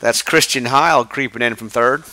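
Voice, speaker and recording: Bright-voiced baseball play-by-play man. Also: medium pitch. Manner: brisk, chatty, laughs with partner. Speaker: play-by-play announcer. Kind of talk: live baseball play-by-play commentary. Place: press box at a high school ballfield.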